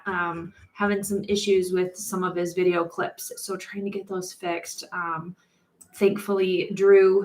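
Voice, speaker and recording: A woman, a mortician hosting a casual live-stream chat, talking in an upbeat, rambling way with frequent laughs and pauses. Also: fairly low pitch. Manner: chatty and upbeat, laughs often between thoughts; rambling with frequent ums and restarts.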